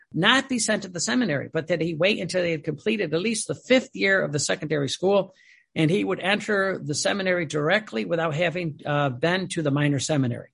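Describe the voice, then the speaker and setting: A man reading aloud and commenting on a spiritual text, telling stories in a digressive, animated way. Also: fairly high pitch, gravelly, breathy edge. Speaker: religious teacher.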